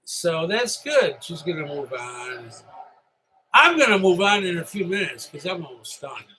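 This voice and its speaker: Rambling, slightly tipsy man, bright voice. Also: a little high, big pitch swings, measured pace, low-quality recording. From upstate New York. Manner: rambling, chatty, loose. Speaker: live stream host. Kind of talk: rambling solo live stream chat.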